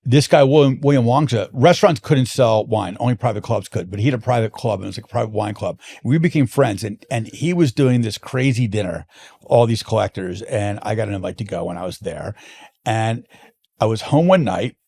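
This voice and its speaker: A man's voice: lowish voice, fairly quick, gravelly. A man being interviewed, telling long stories in a casual chat with lots of restarts. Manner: animated anecdotes with frequent restarts. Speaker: guest, wine importer.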